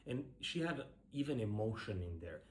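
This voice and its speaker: A man's voice: on the low side, sing-song, normal speed, a little hiss or hum. A middle-aged man, a professional ballroom dancer, giving blunt, sarcastic casual commentary while reacting to a dance show.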